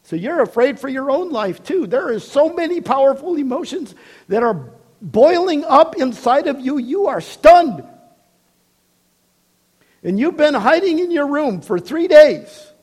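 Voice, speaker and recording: A man preaching a sermon in a high voice that swoops widely up and down. He tells the story with acted-out voices and laughs along the way. He shifts from loud calls to hushed, low asides. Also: measured pace. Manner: animated storytelling, acting out voices, laughs often.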